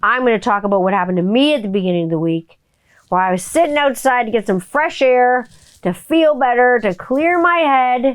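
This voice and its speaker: Animated and a little fast, this middle-aged woman hosts a casual solo podcast with a clear, resonant tone. She's chatty and profane, often breaking into high kid voices for quotes.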